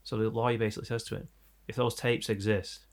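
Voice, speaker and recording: Young English man chatting casually, rapid-fire and crude, with a rough, gravelly edge. He tells stories with heat and swears freely. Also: fairly low pitch. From England. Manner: animated, sweary storytelling. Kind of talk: casual chat.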